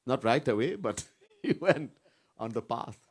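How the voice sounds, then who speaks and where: A man's voice: medium pitch, animated, unhurried, husky. A man, a swami giving an informal sermon at a retreat, chatting, repeating himself and often asking "right?". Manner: conversational, repeats words, asks "right?" often, chuckles. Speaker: swami leading a spiritual retreat.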